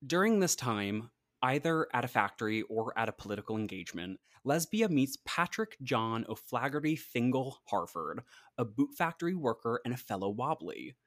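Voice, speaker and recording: A man's voice: medium pitch, very animated, normal speed, dry recording, clean studio sound. A man co-hosting a podcast, telling a history story in a chatty, casual way with lots of "like". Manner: chatty, uses "like" often, acts out quotes. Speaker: podcast co-host.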